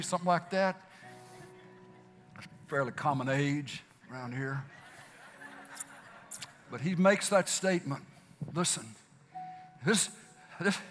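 High, animated preacher man. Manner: swings from loud exclamation to hushed whisper; repeats phrases for emphasis. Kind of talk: sermon. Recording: long hall reverb with faint music.

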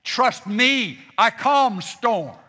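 Casting note: God, voiced by a male preacher, raised and emphatic, bright and forceful. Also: very high-pitched, animated, extremely slow, long reverb tail, pitched above the performer's own voice, exaggerated voice. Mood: commanding. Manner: emphatic declarations with repeated refrain. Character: God, a commanding, reassuring male divine voice.

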